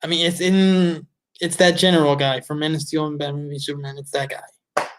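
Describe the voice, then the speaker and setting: A man's voice: a little high, level tone, a little fast, background noise. A man giving a casual film review, blunt, exasperated and full of swearing. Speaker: movie reviewer.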